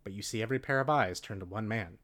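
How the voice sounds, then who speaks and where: A man's voice: lowish voice, fast talker, a bit bright. Casting: a man reading a storybook aloud, casual and jokey. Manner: laughing, joking asides. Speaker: reader.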